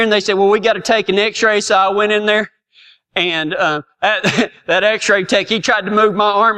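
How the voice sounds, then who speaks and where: A man's voice: sits high, sharp tone. A middle-aged man telling a comic personal story in a folksy, self-mocking way, laughing often. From Texas.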